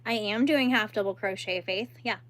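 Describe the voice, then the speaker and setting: A woman's voice: mid-range voice, normal speed, a bit bright. Giggly chatty woman streamer. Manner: chatty, giggly, answers chat comments while crocheting. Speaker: crochet livestream host. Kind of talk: casual livestream chat.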